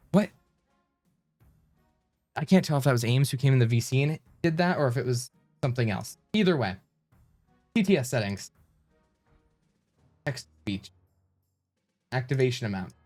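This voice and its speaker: Man, streamer, live-stream chatter, flustered, rambling, mid pitch, faint background music. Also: expressive, a little slow, long pauses, darkish tone. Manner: flustered, rambling while fiddling with settings.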